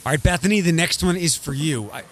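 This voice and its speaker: A man hosting a radio show in the studio, running a silly game with playful teasing and quick restarts. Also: fairly high pitch, a bit bright, soft background music.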